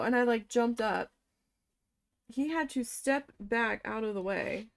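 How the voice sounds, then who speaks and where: A woman casually telling a story from her past, animated and swearing as she quotes her own shocked reactions. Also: on the high side, measured pace. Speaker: crafting vlogger.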